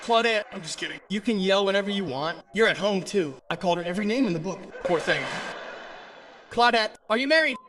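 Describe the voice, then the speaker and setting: A man's voice: sits high, expressive, brisk, fairly bright tone. A man from Brazil doing stand-up crowd work, teasing audience members and laughing often. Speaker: stand-up comedian. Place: comedy stage before an audience.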